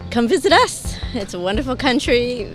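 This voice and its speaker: A woman answering a street interview in a friendly, measured way. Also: a little high, big pitch swings, over music.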